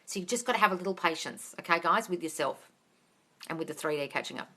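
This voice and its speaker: A woman's voice: lowish voice, expressive, fast talker, sharp tone. A woman coaching viewers on a live stream, reading their comments aloud, calling them darling, and swearing freely as she gives blunt advice. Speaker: manifestation coach answering live questions. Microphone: phone or webcam on a live stream.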